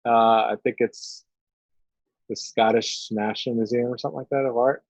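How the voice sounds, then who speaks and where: A man co-hosting a live painting stream, talking casually in halting, joking bursts full of uhs. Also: medium pitch, steady tone, dry recording. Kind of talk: casual chat while painting.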